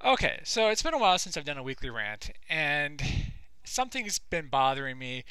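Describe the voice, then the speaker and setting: Male podcast host, bright and animated, profane exasperated rant, dry mic. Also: on the high side, normal speed, clean tone, no echo. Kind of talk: comedic rant.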